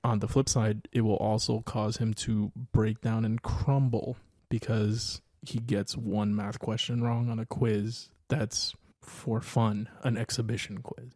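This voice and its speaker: A father who co-hosts a podcast thinks out loud in casual chat, hedging and laughing easily. His lowish voice is mellow and relaxed, recorded dry and close to the mic with no room sound.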